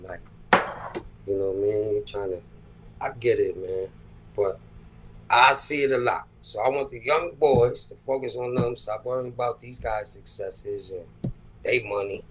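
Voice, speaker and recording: A man's voice: fairly low pitch, a little hiss or hum, low-quality recording. A man, a rapper and producer, talking in a laid-back, slangy, profane way in a casual interview. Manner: laid-back, slangy and profane, with frequent "you know what I'm saying".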